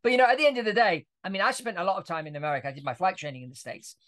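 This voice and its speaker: Hosting a relaxed podcast interview, an Italian-raised man in his forties tells stories chattily and laughs often. He speaks very fast in a high, slightly bright voice with big swings in pitch.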